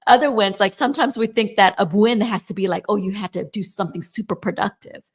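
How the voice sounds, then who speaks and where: Here a forties-aged woman co-hosts a podcast in relaxed conversation, checking in often with "right?". She speaks fast in a medium-pitched, slightly rough voice.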